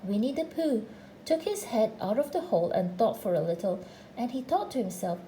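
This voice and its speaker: A woman reads a children's storybook aloud in a gentle, expressive way. Her voice is high and lively, with a mellow tone. A faint noise sits behind her. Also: normal speed, reverberant, rough recording. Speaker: storybook reader. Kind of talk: storybook narration.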